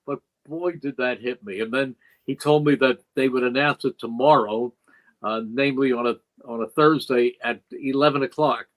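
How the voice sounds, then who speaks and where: A man's voice: medium pitch, fairly even intonation, moderate pace, low-quality recording. Older man, veteran sports broadcaster. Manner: earnest, reflective storyteller who acts out quoted dialogue. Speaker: veteran radio play-by-play broadcaster, guest. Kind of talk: interview storytelling.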